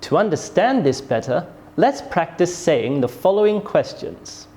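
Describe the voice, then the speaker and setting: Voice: medium pitch, sing-song, a little slow, dark tone. A pronunciation teacher giving a scripted English lesson, modelling sentences with careful, exaggerated rises and falls. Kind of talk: scripted classroom instruction.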